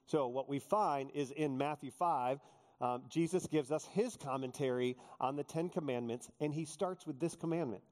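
A male pastor preaching a sermon, joking with the congregation and acting out quotes in animated storytelling. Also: on the high side, moderate pace. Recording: long hall reverb.

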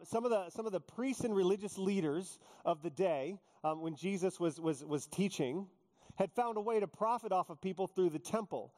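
A male pastor preaching a sermon, joking with the congregation and acting out quotes in animated storytelling. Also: sits high. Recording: long hall reverb.

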